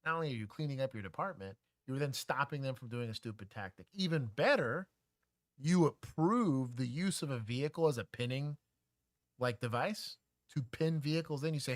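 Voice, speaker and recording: A man's voice: medium pitch, animated, fairly quick, dry recording, clean studio sound. A man co-hosting a livestream, a former police officer giving opinionated commentary and explaining use-of-force law.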